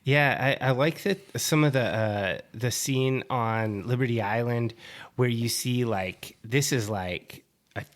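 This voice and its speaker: Enthusiastic man chatting about movies. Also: mid-range voice. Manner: enthusiastic, quick bursts with stammered restarts. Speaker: podcast co-host. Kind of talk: casual film discussion.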